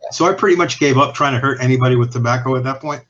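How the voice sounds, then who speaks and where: A man's voice: medium pitch, very fast, a bit bright, dull audio, slight background noise. A man guesting on a podcast, telling cigar-industry stories in a candid, profane, rambling way that often restarts and trails off. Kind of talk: casual anecdotal storytelling.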